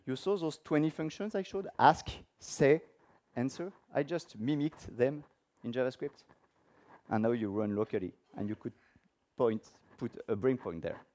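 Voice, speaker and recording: A man's voice: mid-range voice, moderate pace, darkish tone. A man giving a technical conference talk with a live demo, speaking informally and asking the audience questions. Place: conference room before an audience.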